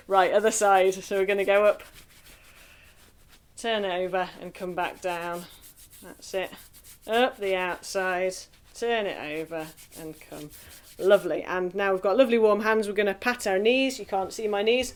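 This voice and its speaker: A woman leading a singing group through warm-up exercises, encouraging and playful, chanting rhythms and vocal sounds. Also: medium pitch, moderate pace.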